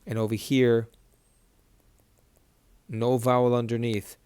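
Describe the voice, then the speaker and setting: Male teacher, mid-pitched, close dry mic, patient and repetitive, breaks words into syllables. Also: level tone, a little mellow, smooth, no room sound. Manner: patient, repeats each syllable slowly. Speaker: Hebrew reading teacher. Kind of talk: whiteboard lesson.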